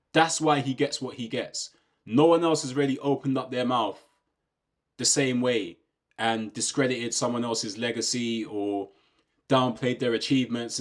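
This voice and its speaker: A British man giving a casual, opinionated rant, asking rhetorical questions and often checking in with his listener. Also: medium pitch. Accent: British English. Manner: conversational, rhetorical questions, says "do you know what I mean" often. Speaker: YouTube commentator.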